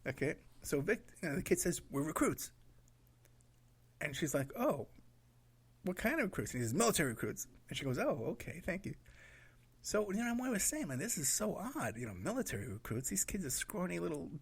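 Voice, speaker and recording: A man's voice: a little high, sing-song, brisk, breathy edge. A man telling a rambling road trip story in a casual way, laughing at his own anecdotes and acting out what people said.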